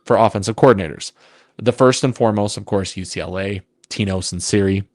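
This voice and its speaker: A man co-hosting a sports podcast, talking in an animated, emphatic way in long runs. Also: fairly low pitch, fairly quick, no room sound, clean studio sound. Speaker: podcast co-host. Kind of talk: casual sports podcast chat.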